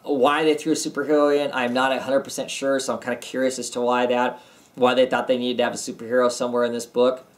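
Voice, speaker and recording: A man's voice: medium pitch, level tone, fast. Tired, rambling man reviewing comics. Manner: rambling, many ums and restarts. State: tired, yawning. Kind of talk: casual video review. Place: home basement.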